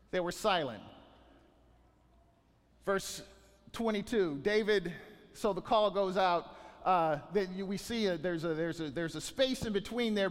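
Very high-voiced preaching man, echoing hall. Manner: animated, often repeats and restarts words. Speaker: pastor. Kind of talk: sermon.

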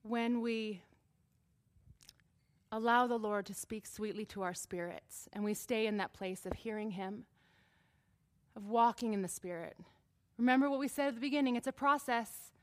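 A woman with a fairly high voice preaches a sermon before a congregation. She talks in a conversational way, joking with her listeners, then builds to emphatic passages before dropping back to quiet asides. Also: moderate pace, pauses often. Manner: jokes and laughs with listeners.

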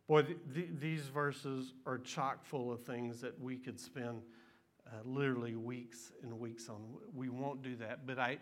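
A man preaching a sermon in a conversational way, often repeating words and dropping soft and low at emotional moments. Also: fairly even intonation, measured pace. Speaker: pastor.

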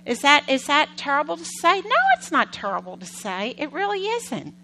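Bright-voiced woman preaching with animated stories. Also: sits high, normal speed, a little hiss or hum, poor audio. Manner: animated, acts out quotes, asks the congregation questions. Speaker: pastor. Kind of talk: conversational sermon storytelling.

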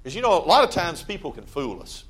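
A man preaching a sermon in a church, conversational and plain-spoken, with sudden loud emphatic bursts. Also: fairly high pitch, big pitch swings, quick pace. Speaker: pastor.

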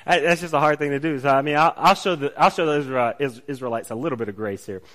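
Conversational male preacher, slightly high voice. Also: fast. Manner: casual, checks in with listeners by asking "right?"; restarts phrases, shifts from soft to emphatic. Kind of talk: conversational sermon.

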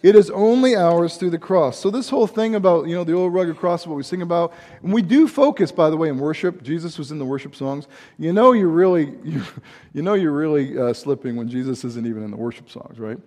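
A man's voice: on the high side, a little fast, darkish tone. A middle-aged man preaching a sermon as pastor, in a loose conversational way with asides and restarts. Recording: long hall reverb.

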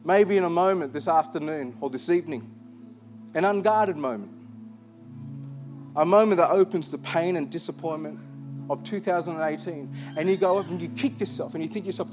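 A male pastor preaching a sermon to his church, animated and self-deprecating as he tells stories about himself. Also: fairly high pitch, a little fast, music in the background.

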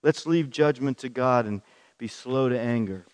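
A man preaching a sermon to a congregation, emphatic and rising in pitch to stress his points as he reads scripture aloud. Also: normal speed, darkish tone. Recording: long reverb in a hall.

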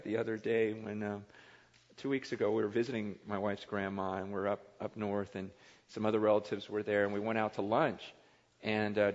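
Chatty middle-aged pastor in an echoing hall. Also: male voice, medium pitch, fairly bright tone. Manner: conversational, self-mocking, acts out quotes with laughs. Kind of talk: sermon. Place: large church hall. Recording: dull sermon recording in a reverberant hall.

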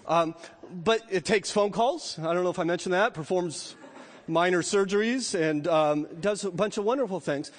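Male pastor, middle-aged, high voice, sermon with dramatic rises and soft asides, echoing church hall. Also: normal speed. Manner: rising to emphatic peaks, then dropping to quiet asides. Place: church sanctuary. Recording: long reverb of a church hall.

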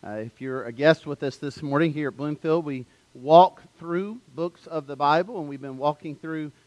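Pastor with a scratchy throat preaching. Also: male voice, on the high side, normal speed, darkish tone. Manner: earnest preaching with frequent "uh" fillers. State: scratchy throat, losing his voice. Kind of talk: sermon. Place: church sanctuary.

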